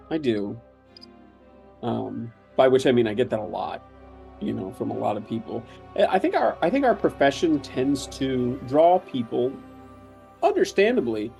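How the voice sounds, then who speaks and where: A man voicing a gentle, hesitant male HR agent who talks in a soothing, stammering way. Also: high-pitched.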